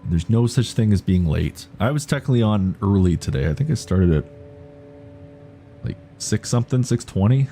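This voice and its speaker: A man's voice: on the low side, animated, moderate pace, dark tone, a little hiss or hum. A man streaming a horror game live, reading game text aloud and joking dryly with his chat. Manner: dry, joking asides to chat. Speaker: gaming streamer.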